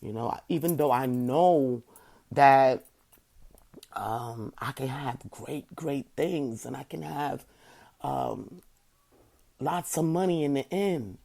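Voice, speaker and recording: A woman's voice: rumbling low, slow pace, gravelly, long pauses, warm tone. A woman, talking earnestly to her viewers and saying "you know" over and over. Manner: emphatic, repeats "you know" often. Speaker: online show host. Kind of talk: casual heartfelt talk to viewers.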